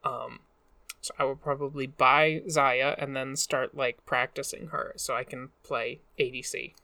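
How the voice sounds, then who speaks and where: A woman's voice: rumbling low, flat delivery, a little slow, bright, forceful tone, no room sound. A woman co-hosting a casual podcast, dry and teasing, with frequent fillers. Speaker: podcast co-host.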